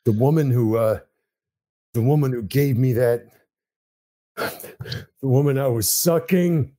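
A man plays in a tabletop game, speaking in a halting, deadpan way and dropping jokey asides. His pitch is ordinary. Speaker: player. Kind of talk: casual tabletop role-play.

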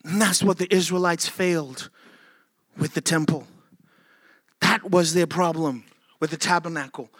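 A man preaching a sermon with impassioned delivery that rises to near-shouting and then drops to soft asides. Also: on the high side, steady tone, unhurried, pauses often, no room sound.

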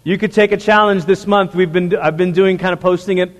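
A man with a high voice preaching a sermon in a church sanctuary, earnest and conversational, turning often to ask his congregation direct questions. His voice rings out with the long reverb of a large hall. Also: fairly even intonation, fairly quick. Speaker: pastor.

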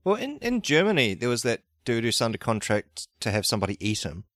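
A man co-hosting a comedy podcast, rambling deadpan through improvised bits with restarts. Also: mid-range voice, fairly quick, dry recording, studio quality. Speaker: podcast co-host.

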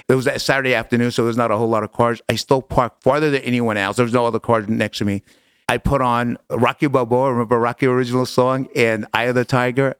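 A middle-aged man telling a personal story as an interview guest, animated and casual, acting out dialogue. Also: medium pitch, smooth, no room sound. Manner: animated, acts out quoted dialogue, casual slang.

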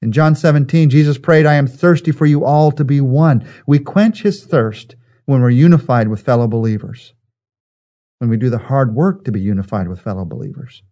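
A man's voice: medium pitch, normal speed, warm tone. A man preaching a sermon in an earnest way, building his points through repetition. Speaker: pastor.

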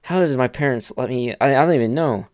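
A man's voice: mid-range voice, fast talker, a little mellow, dry recording, studio quality. A man from Alaska chatting casually as a podcast co-host, easygoing and rambling. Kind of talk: casual chat.

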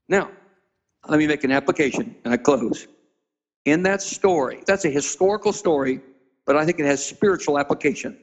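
High-voiced man preaching a Bible story. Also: rough recording. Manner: acts out quoted characters with sudden high-pitched voices; spells out and stresses Hebrew words slowly. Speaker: pastor being interviewed.

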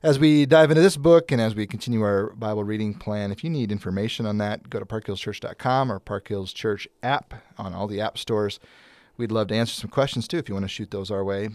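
A man's voice: fairly low pitch, a little fast, a little mellow, no echo. A man hosting a church podcast in casual chat, joking and laughing easily. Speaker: podcast host, church staff.

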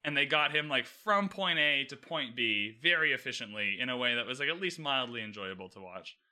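A man co-hosting a podcast, talking casually and at length with lots of fillers and animated retellings. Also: mid-range voice, a little fast. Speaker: podcast co-host reviewing a TV series. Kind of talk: casual chat.

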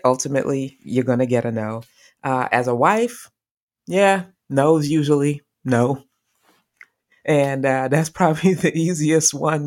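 A woman co-hosting a casual chat show with her sister, telling stories with frequent laughter. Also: low voice. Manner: laughs often, animated storytelling. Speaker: podcast co-host.

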